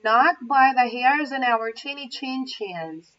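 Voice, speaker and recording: Frightened little pigs squeak their refusal , as a woman puts them on in a storybook reading. The voice is high, muffled and heard from a little distance. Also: lively intonation, slow, a bit bright, exaggerated voice. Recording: muffled, from far off the mic.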